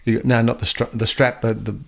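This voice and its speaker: An older man talking casually on a podcast, with a voice of middling pitch. He spins stories and jumps into quick voices for the dogs and people he describes. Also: level tone, creaky. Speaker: podcast guest storyteller and dog trainer. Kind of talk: casual chat.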